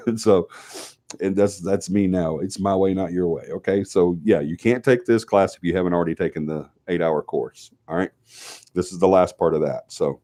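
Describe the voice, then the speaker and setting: A deep-voiced man with a Southern US drawl hosts a live stream, sniffly and stuffed up from a cold. He rambles through announcements in a chatty way, with plenty of fillers and restarts, but turns firm when he lays down the rules. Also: warm tone. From Alabama, US South. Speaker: host of a paranormal team's live show.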